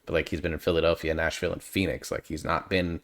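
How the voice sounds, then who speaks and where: A man's voice: very deep voice, little pitch movement, fast talker, fairly bright tone. A man hosting a reaction video, chatting casually and analytically and drifting off on tangents.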